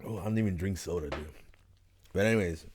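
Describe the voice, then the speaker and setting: A man's voice: sits low, fast talker, a little mellow, slight background noise. A young man hosting a podcast, chatting loosely, swearing often and laughing. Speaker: podcast host. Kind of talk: casual chat.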